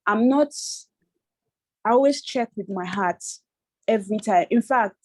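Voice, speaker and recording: A woman from Nigeria talks on a video call, and she keeps stopping and restarting as she gets tearful. Her voice sits at an ordinary middle pitch. The sound is dry and close, with no room echo. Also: darkish tone. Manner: halting, tearful, many restarts. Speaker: workshop participant. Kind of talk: emotional personal sharing on a video call.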